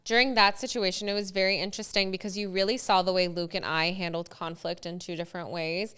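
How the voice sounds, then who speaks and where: A young woman co-hosts a podcast in a casual chat, telling her story in an animated way and acting out what people said. Her voice is bright and very clear, and "like" comes up often. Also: mid-range voice, quick pace. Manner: animated storytelling, acts out quotes, frequent "like". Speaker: podcast co-host.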